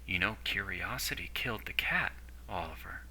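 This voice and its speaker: A man's voice: deep voice, expressive, moderate pace, sharp tone, slight background noise, exaggerated voice, poor audio. A man voicing an older woman who leads a team, speaking with cool disdain. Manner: disdainful, dry.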